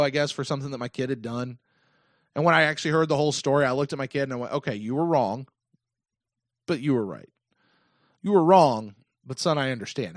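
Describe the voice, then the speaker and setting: An American man in his thirties rants to his listeners on a call-in sports podcast, circling back on his points with emphatic repetition. His voice sits a little high. The sound is dry and close to the mic. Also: no room sound. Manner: animated, repetitive, emphatic rant. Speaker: podcast host.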